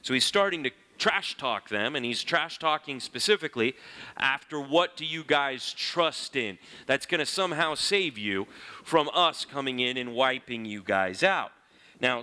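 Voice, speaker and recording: A man teaching through a Bible passage in a lively, conversational way, reading scripture aloud and explaining it. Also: mid-range voice, moderate pace.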